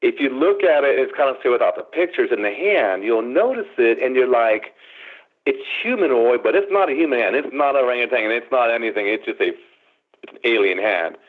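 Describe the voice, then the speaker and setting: Animated storyteller man on tinny phone. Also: mid-range voice, a little fast. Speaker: guest. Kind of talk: storytelling on a radio call-in.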